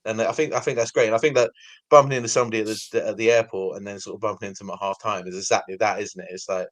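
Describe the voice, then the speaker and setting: Host, quick pace, lowish voice, rambles friendly questions. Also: male voice, fairly even intonation. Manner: rambling, friendly, many fillers. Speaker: podcast host. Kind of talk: casual podcast interview.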